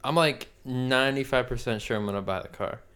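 A man's voice: medium pitch, a little fast, a bit bright, smooth. A man co-hosting a podcast, chatting casually and rambling through a story. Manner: rambling storyteller, acts out quotes. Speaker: podcast co-host. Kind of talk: casual chat.

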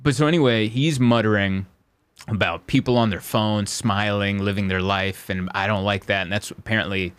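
A man co-hosting a podcast, telling a story in casual chat with an animated, jokey manner and quick acted-out quotes. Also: on the low side, clear, resonant tone.

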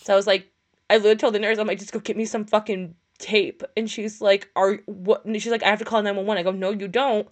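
A young woman from upstate New York rambles through her stories in a casual chat, swearing freely and laughing along. She talks over a voice-chat mic with a pitch that sits in the middle for a woman. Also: little pitch movement, quick pace. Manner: rambling, profane storytelling with laughs. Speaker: podcast co-host. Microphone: push-to-talk voice chat.

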